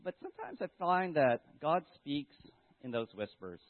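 A man's voice: a little high, very animated, moderate pace, dry recording. A man giving a casual Sunday sermon, retelling a Bible story to children and reflecting aloud, with many restarts. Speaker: church member giving a Sunday message. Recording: dry, tinny phone-like sound.

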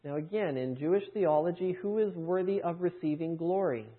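A man's voice: a little high, normal speed. A man preaching a sermon, teaching through scripture with emphatic rhetorical questions. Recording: tinny phone-like sound.

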